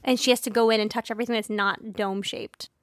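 A woman co-hosting a podcast in casual comedic chat, quick and questioning as she builds on the jokes. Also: mid-range voice, fairly even intonation, no room sound, studio quality. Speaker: podcast co-host.

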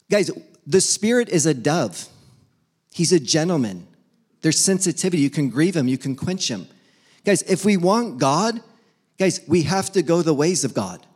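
A man's voice: fairly high pitch, husky. A young adult man preaching a casual, humorous sermon as pastor, acting out little back-and-forth dialogues between people and God.

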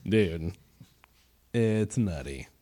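A laid-back man co-hosting a casual podcast, playful and quick to laugh. His pitch moves animatedly as he talks. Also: expressive, mellow. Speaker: podcast co-host. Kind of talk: casual chat.

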